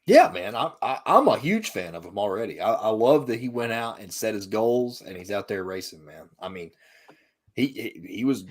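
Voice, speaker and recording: A man talking as a podcast co-host, with lots of swearing and stammered restarts. His pitch swings a lot as he talks. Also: sing-song, normal speed. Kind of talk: casual chat.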